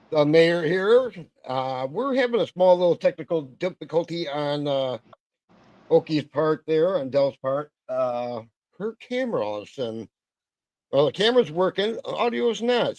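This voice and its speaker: A middle-aged man with a Wisconsin accent hosting a casual livestream, halting and full of fillers and self-corrections. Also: a little high, a little mellow, no echo. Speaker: host of a livestream.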